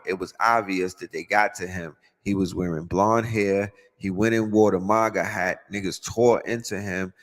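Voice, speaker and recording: A man hosting a podcast, giving animated, profane commentary in street slang. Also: lowish voice, big-room sound. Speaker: podcast host. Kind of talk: casual conspiracy commentary.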